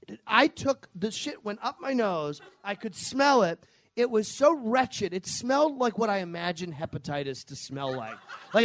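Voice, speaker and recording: A man telling a true comic story live, animated and profane, often laughing through his lines. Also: sits high, dry recording.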